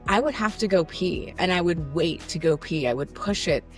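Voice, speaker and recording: Woman, forties, somatic coach, lowish voice, candid pep talk, casual swearing, soft music bed. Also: lively intonation, normal speed. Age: 40s. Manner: candid, conversational, swears casually, guides breathing.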